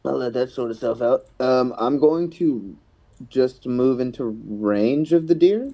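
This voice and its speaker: A man plays a bard at a tabletop game table. His voice is mellow and warm, and he keeps a joking, teasing tone throughout. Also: mid-range voice, animated, a little slow. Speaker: player, bard character.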